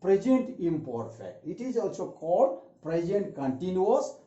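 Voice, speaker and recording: A man teaching an English grammar lesson, repeating each example sentence slowly. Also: sits high, big pitch swings, mellow. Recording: echoey room, dull lo-fi sound.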